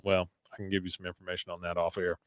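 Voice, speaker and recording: A man co-hosting a casual talk show, retelling a cartoon episode in an animated way and popping into high character voices. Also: fast, dry recording. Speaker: podcast co-host recapping a cartoon episode.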